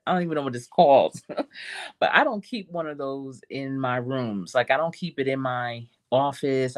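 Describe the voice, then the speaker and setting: Middle-aged lady coach, low voice, chatty storytelling, laughs a lot, says y'all. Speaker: life coach. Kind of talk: casual motivational talk.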